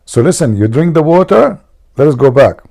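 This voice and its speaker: A man's voice: a little high, sing-song, moderate pace, gravelly, dark tone. A man hosting a live stream, teasing his viewers and telling jokes in a mocking way. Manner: mocking, teasing, jokey asides.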